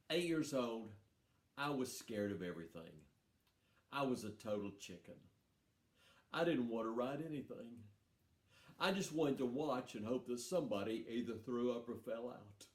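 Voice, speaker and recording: A man spinning a folksy, playful tale for a young audience, his voice leaping up and down with lively expression. His words carry through a roomy, reverberant hall. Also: medium pitch. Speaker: storyteller. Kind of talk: live storytelling for schoolchildren. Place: festival stage.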